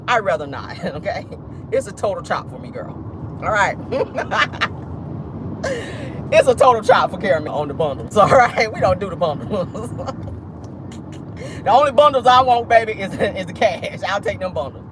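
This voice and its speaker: A woman with an African American Vernacular English accent, hosting a casual livestream with blunt, sassy commentary. Her pitch swings widely as she talks. Clear traffic noise rumbles behind her. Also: expressive, moderate pace, long pauses. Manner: sassy, blunt, laughs often. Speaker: vlog host.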